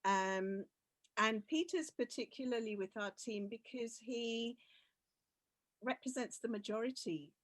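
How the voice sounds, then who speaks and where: A woman's voice: a little high, unhurried, no room sound. A woman facilitating a conference session on a video call, upbeat and friendly, with easy laughter. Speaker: facilitator and consultant.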